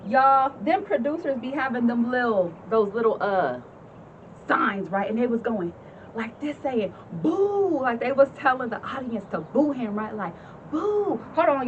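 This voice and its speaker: A woman in her thirties chats to her viewers in a casual, storytelling way. Her higher voice rises and falls a lot as she acts out other people's voices and laughs. The sound is a bit dull and lo-fi, with faint car noise behind her. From California. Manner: animated, chatty, acts out crowd voices, laughs often. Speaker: vlogger telling a personal story. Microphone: phone camera.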